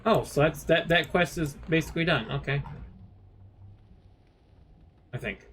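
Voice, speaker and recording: A man's voice: on the high side, brisk, a bit bright, a little hiss or hum. A man streaming a video game, chatty, making jokey asides and reading the on-screen text aloud. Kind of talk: gameplay livestream commentary, reading dialogue aloud. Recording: game music playing underneath.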